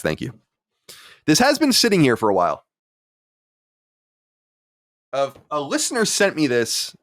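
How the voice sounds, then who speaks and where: A man's voice: fairly low pitch, dry recording, studio quality. A man in his late thirties or forties hosting a podcast, chatting in a casual, self-deprecating way. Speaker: podcast host. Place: home studio.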